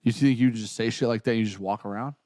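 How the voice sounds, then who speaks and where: Dude doing a menacing fighter guy, cold and threatening, fast. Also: on the low side, darkish tone, dry recording, clean studio sound, voice pushed down, close to an everyday voice. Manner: threatening, quick.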